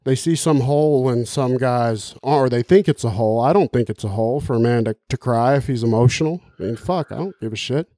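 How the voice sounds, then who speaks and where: A man's voice: mid-range voice, fairly quick, hardly any pauses, dark tone, dry recording, clean studio sound. A man hosting a casual podcast chat, talking in a profane, rambling, emphatic way.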